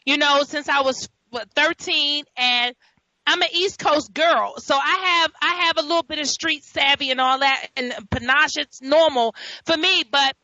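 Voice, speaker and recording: High bright lady host from new york, chatty storytelling, dry dull-sounding mic. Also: moderate pace, no room sound. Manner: storytelling, laughing, animated asides. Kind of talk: casual chat. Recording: dull lo-fi audio.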